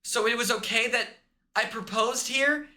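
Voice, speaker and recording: A man voicing a sweet, devoted young woman in a high falsetto, talking tenderly and earnestly while acting out a scene on a casual live stream. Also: normal speed, pushed and bright, heavily acted. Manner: pleading, then tender and earnest.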